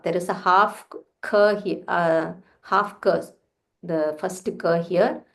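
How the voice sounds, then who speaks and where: A woman teaching Sanskrit chanting, slowly spelling out sounds with soft fillers. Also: fairly low pitch. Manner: slow careful pronunciation drills with fillers.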